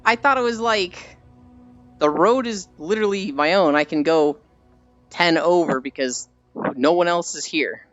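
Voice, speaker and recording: A young adult streamer chatting casually with viewers, telling animated stories and swearing freely. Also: mid-range voice, a little slow, dry recording. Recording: slightly dull stream audio with faint music.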